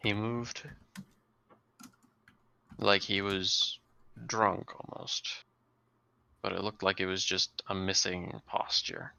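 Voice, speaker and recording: A man running a tabletop role-playing game as game master, narrating the story for his players and sometimes dropping to a hush. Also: deep voice, little pitch movement, slow pace, vocal fry, long pauses, smooth. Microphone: desk mic on a live stream.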